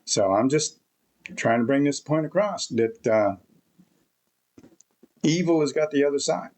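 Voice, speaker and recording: A man's voice: mid-range voice, expressive, measured pace, a little mellow. A man giving a rambling, emphatic opinion monologue to camera, repeating his points often. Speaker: vlogger.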